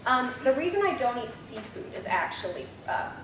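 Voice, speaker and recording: A young woman in her twenties shares funny memories at a memorial, chatty and full of fillers. She sounds far from the mic in a roomy, echoing hall. The noisy room is clearly heard behind her. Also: on the high side, very animated, moderate pace. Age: 20s. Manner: chatty, laughing, storytelling with many fillers. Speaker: granddaughter giving a eulogy. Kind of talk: memorial speech with funny stories.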